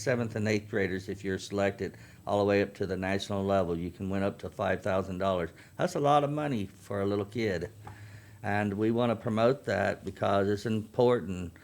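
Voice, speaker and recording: A man in his fifties, a Navy veteran and chaplain, earnestly explaining youth programs in a radio interview. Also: on the low side. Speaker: veterans' group chaplain and guest.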